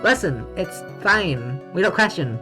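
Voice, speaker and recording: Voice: medium pitch, animated, unhurried. A streamer giving casual, joking gameplay commentary, gushing and swearing freely. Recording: game music behind voice.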